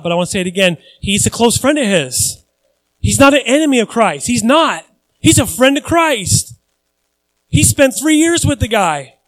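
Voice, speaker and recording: High-voiced male pastor preaching conversationally. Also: fairly bright tone, no room sound, low-quality recording. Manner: conversational preaching with repeated phrases for emphasis; acts out voices of people he quotes. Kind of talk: sermon.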